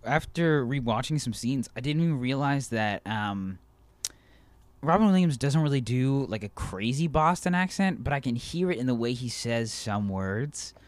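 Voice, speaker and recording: A young man co-hosting a casual movie podcast, talking excitedly with lots of fillers and restarts. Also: medium pitch, normal speed, dry recording. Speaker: podcast co-host.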